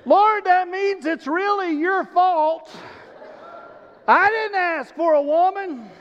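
A man's voice: very high-pitched, takes it slowly, fairly bright tone, voice pushed up, heavily acted. A man voicing Adam as a sheepish grown man hesitantly making excuses in a sermon retelling. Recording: muffled recording in a large reverberant hall.

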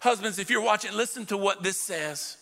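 A man's voice: high-pitched, fairly quick, vocal fry, sharp tone. A male pastor preaching a sermon to a live congregation, emphatic and calling out directly to his listeners. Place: church sanctuary with a live congregation. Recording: long church hall reverb.

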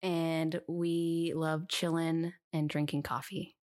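A woman's voice: low voice, level tone, slow pace, darkish tone. A woman chatting as a podcast guest, giggly and self-deprecating in casual conversation. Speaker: podcast guest, director of production. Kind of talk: casual chat.

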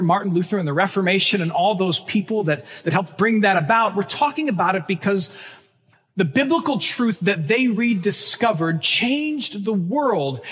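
Man, pastor, sermon, fairly high voice, husky, long church reverb. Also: fairly bright tone. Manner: earnest, emphatic, slows on key phrases. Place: church sanctuary.

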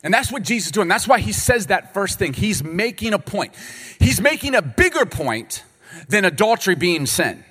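A man in his thirties delivers a casual, animated sermon, breaking into quick asides and little acted-out exchanges. His voice sits a bit high and leaps around expressively. The sound rings with the long reverb of a large hall. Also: breathy edge. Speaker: pastor. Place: church sanctuary.

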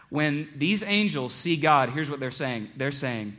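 A man preaching a sermon to a congregation, joking one moment and hushed and earnest the next. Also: a little high, a little slow, few pauses. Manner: animated, joking, with big swings between loud and hushed. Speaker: pastor.

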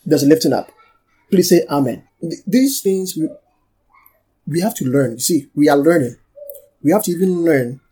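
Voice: mid-range voice, warm tone, husky. A pastor preaching and teaching from the Bible, repeating key phrases for emphasis, calling for amens and asking the congregation to read aloud. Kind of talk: sermon and Bible study.

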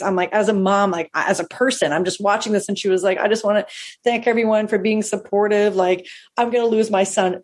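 A woman comedian telling a long profane anecdote, animated and acting out the people she quotes. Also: medium pitch, slightly rough. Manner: animated, acts out quoted voices, swears freely. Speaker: stand-up comedian.

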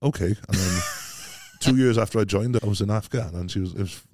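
A man's voice: on the low side, fairly quick, a little mellow, dry recording. A Welsh man telling stories as a podcast guest, rambling and laughing easily, full of British slang. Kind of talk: casual chat.

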